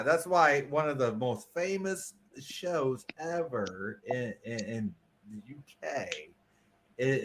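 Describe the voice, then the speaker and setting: An American man in casual chat, brash and argumentative, swearing freely. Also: mid-range voice. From United States.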